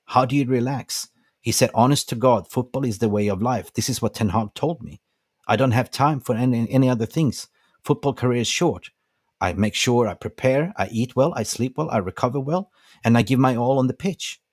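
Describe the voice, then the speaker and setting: A man's voice: mid-range voice, breathy edge, dry recording, studio quality. An older man hosting a fan channel livestream, delivering a passionate, preachy rant and rallying his viewers.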